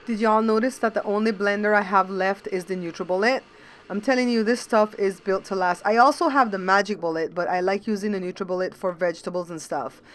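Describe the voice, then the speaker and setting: A woman's voice: medium pitch, fairly even intonation, a little fast, slight background noise. A woman hosting a home cooking show in casual chat, chatty and repetitive, talking to viewers as guys. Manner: chatty, repeats words, addresses viewers as guys.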